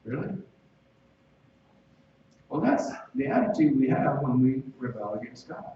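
Preacher in an echoey hall, heard from afar. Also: male voice, medium pitch, very animated, moderate pace, a little hiss or hum. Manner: conversational, asks the listeners direct questions. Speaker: pastor. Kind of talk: expository sermon. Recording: echoey distant, dull sound.

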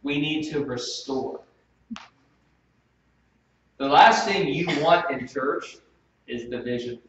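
A pastor preaching a sermon, swinging from soft, slow stretches to sudden loud bursts. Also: male voice, mid-range voice. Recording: echoey room, distant mic, dull sound.

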